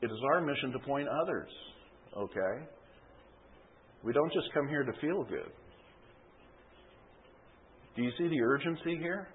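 A man's voice: fairly high pitch, expressive, unhurried, pauses often, a little hiss or hum. A man preaching a sermon, telling an illustration story and often adding a checking "okay?". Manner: storytelling with frequent tag "okay?". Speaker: pastor. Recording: tinny phone-like sound.

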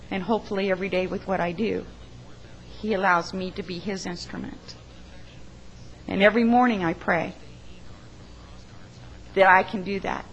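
A woman who works as a funeral arranger, sharing an earnest, emotional testimony in church, halting at times. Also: medium pitch, vocal fry, slight background noise, rough recording.

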